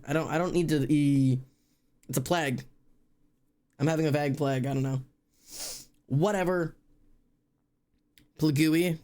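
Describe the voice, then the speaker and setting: A young man with a Midwestern American accent who chats casually as a live streamer, rambling and correcting himself as he goes. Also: on the high side. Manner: rambling, self-correcting, chatty. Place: home streaming room.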